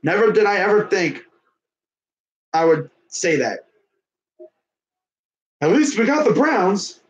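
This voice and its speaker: A young man calls a baseball video game in a loose, chatty way, laughing easily between pitches. His voice sits a little higher than most men's. He breaks off now and then to talk to someone off-mic. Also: big pitch swings, slow pace, muffled recording. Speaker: fan commentator. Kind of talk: casual play-by-play of a video game.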